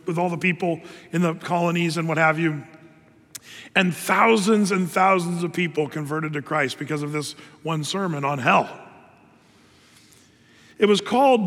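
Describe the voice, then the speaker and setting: High-voiced preacher in a reverberant hall. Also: male voice, a bit bright. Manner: conversational, with fillers and restarts. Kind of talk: sermon.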